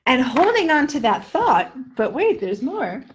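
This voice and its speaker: A woman's voice: high voice, sing-song, a little hiss or hum. A middle-aged woman teaching English pronunciation in a live online lesson, drawing out words in playful drills. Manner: playful, drawn-out word drills.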